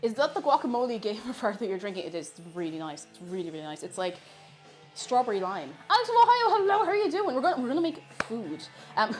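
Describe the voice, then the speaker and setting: Young Irish woman, a bright-pitched and chatty live-stream host, with faint music behind her. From Ireland. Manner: chatty, reads out chat messages. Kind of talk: casual live-stream chat while cooking.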